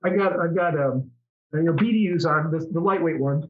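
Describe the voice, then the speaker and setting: A man's voice: on the high side, fairly quick, narrow, tinny audio. A middle-aged man, a former fighter pilot, telling stories in a casual interview, rambling with many restarts.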